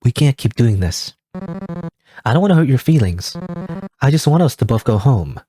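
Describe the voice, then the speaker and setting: A man's voice: medium pitch, sing-song, normal speed, warm tone, slightly rough, dry recording, soft background music, voice pushed up. A man reading game dialogue aloud as a young girlfriend who is defensive and weary and wants space. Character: young woman, guarded girlfriend wanting space.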